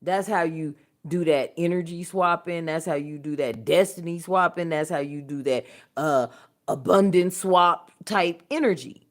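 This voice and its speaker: Blunt, profane woman ranting on a livestream. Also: unhurried. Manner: blunt, profane, laughs often; swings from low mutters to loud outbursts. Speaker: spiritual channel host. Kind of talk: casual livestream talk.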